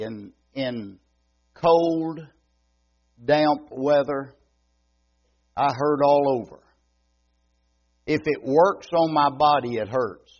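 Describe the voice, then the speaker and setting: An older man with an East Texas drawl preaches in a homey, joking way, taking his words very slowly. His voice sits in an ordinary middle pitch. The church recording sounds dull and lo-fi. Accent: East Texas Southern. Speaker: visiting preacher. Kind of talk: folksy sermon. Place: church sanctuary.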